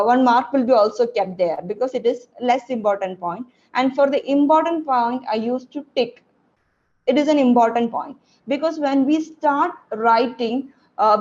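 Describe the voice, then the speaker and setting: A woman giving an informal spoken lesson on exam writing tips, pausing often with fillers and restarting her sentences. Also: a little high, a little mellow. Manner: hesitant, many fillers and restarts. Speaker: student sharing exam tips. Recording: dull lo-fi recording.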